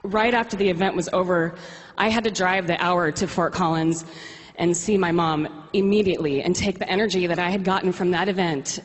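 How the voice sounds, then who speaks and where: A woman's voice: fairly low pitch, brisk. A woman giving a heartfelt, tearful testimony to a convention audience. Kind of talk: emotional spoken testimony. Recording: hall reverb.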